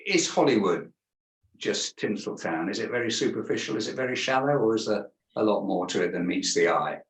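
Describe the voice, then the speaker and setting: A man co-hosting a relaxed chat asks loud, measured questions. His voice sits a little low, and it sounds roomy and echoey. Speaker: co-host. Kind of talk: casual chat show interview. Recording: echoey room.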